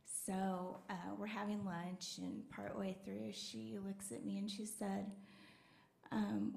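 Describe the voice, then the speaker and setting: A woman's voice: medium pitch, little pitch movement, slow pace, vocal fry, a little mellow. A young woman doing a stand-up set, telling her story in a chatty way with lots of fillers. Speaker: stand-up comedian. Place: comedy club stage. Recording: roomy club with faint noise.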